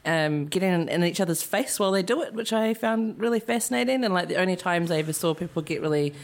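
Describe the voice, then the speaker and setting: A woman's voice: lowish voice, fast talker. A woman chatting casually on a podcast, thoughtful and wry, with a dry sense of humor. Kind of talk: casual chat.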